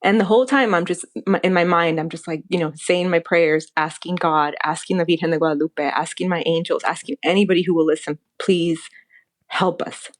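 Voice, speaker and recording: A young adult woman telling a personal story as a podcast guest, animated and acting out quoted dialogue. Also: lowish voice, fast talker, hardly any pauses.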